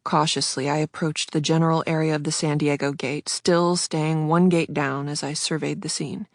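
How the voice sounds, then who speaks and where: A woman reading a first-person thriller audiobook in a hushed, tense voice, close to the mic. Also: deep voice, flat delivery, normal speed, no echo. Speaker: audiobook narrator.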